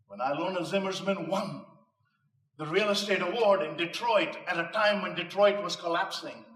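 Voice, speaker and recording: Male inspirational speaker, a bit high-voiced, emphatic and rhetorical, recorded off mic in a roomy hall. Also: normal speed, a bit bright, distant mic. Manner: emphatic, rhetorical, with punchline jokes. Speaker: motivational speaker. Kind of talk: inspirational speech to a live audience. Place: live venue before an audience. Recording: echoey room, voice off mic.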